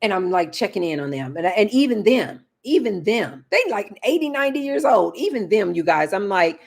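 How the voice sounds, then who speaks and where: A woman's voice: medium pitch, sing-song, normal speed, gravelly, few pauses. A woman talking casually to camera in a vlog, chatty and emphatic, often turning to address her viewers directly. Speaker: lifestyle vlogger.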